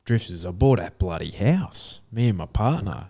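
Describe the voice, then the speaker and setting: A man co-hosting a horse racing podcast, chatting in a relaxed, jokey, slangy way. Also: on the low side, moderate pace, slightly rough. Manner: laid-back, jokey, slangy. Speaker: podcast co-host. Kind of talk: casual racing podcast chat. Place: room at home.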